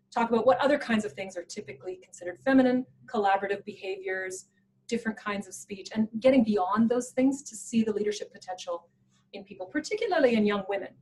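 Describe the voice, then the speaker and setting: A woman presenting a professional development workshop in an animated, playful way, laughing often. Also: mid-range voice, poor audio. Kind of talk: workshop talk.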